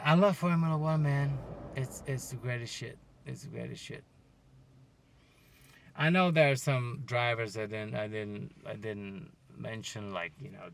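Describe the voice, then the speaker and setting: A man hosting a casual solo podcast, ranting, joking and swearing, with loud outbursts. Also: medium pitch, vocal fry, a little hiss or hum. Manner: swearing, joking and heckling the listeners. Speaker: podcast host.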